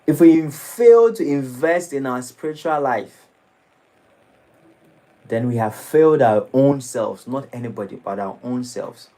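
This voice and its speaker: A man preaching a sermon in a temple, dramatic and lively. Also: medium pitch, unhurried, rough recording. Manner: dramatic, shifting into mocking acted quotes. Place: temple hall.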